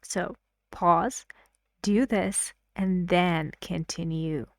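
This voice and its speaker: A woman teaching an English pronunciation lesson, speaking slowly and clearly and reading example sentences aloud. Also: on the low side, steady tone, dry recording, clean studio sound.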